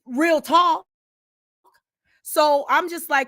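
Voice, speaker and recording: An older woman hosting a livestream, talking in an emphatic casual rant that swings from loud to hushed, with sighs. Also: on the high side, lively intonation, a little slow. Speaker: livestream host.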